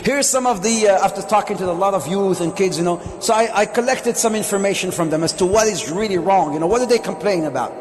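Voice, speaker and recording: Joking sheikh lecturing in a reverberant hall. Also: male voice, high-pitched, fast, hardly any pauses, a little hiss or hum. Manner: jokey, asks the audience questions. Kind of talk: lively mosque lecture. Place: Islamic centre hall.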